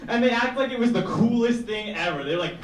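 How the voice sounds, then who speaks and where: A man's voice: very high-pitched, expressive, fairly quick, slight background noise. A young man doing a stand-up set, rambling and chuckling at his own jokes. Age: young adult. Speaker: stand-up comedian. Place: small indoor comedy room with audience. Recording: echoey room mic from far off. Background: audience laughter.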